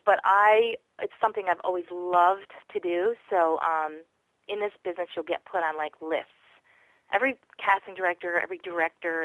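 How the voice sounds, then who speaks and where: A voice actress with a lowish voice, appearing as an interview guest, talks about her craft in a relaxed, rambling, reflective way, thinking aloud with lots of ums and likes. The low-quality recording is close and dry, with no echo or room sound.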